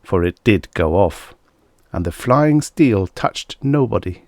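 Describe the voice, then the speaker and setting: Low-voiced man reading vintage sci-fi. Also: takes it slowly, dry recording, clean studio sound. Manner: steady first-person storytelling. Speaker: audiobook reader. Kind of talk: vintage science fiction audiobook narration.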